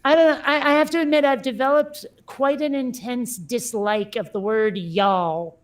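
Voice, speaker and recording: High-voiced playful woman chatting. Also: steady tone, normal speed. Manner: playful, bratty, rambling. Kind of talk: casual chat.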